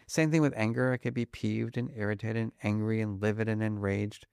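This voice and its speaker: A man being interviewed about his research, talking quickly and acting out little scenes as examples. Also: on the low side, creaky, clear, resonant tone, no echo, studio quality. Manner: animated, fast-talking, acts out examples. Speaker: guest, emotion researcher. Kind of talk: conversational interview.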